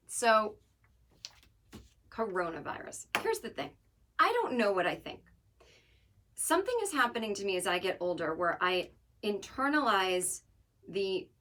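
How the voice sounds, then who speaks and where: A woman's voice: medium pitch, sing-song, a little slow, long pauses, a bit bright. A woman hosting her podcast alone, talking casually in a wry, joking, rambling way. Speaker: podcast host. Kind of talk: casual solo monologue.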